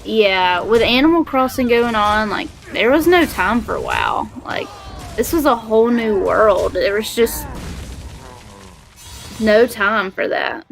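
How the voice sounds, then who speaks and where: A woman's voice: on the high side, sing-song, slow, creaky, faint music behind. A young woman from Alabama with a Southern accent, chatting in a bubbly, giggly way while she streams a game. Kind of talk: casual gaming livestream chat.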